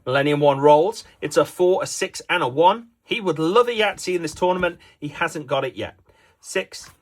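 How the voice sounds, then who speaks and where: A man's voice: fairly high pitch, expressive, brisk. A man giving jokey, playful play-by-play commentary on a dice game as its host.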